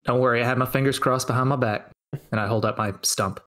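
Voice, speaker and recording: Man player, mid-pitched, joking, casual. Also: fairly even intonation, fast talker, background noise. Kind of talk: tabletop game chat.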